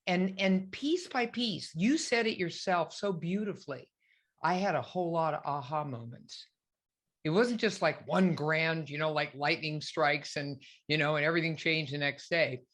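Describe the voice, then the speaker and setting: A woman's voice: low-pitched, normal speed. A woman doctor talking as a podcast guest, emphatic and encouraging, acting out other people's thoughts as she speaks. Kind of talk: animated conversational advice.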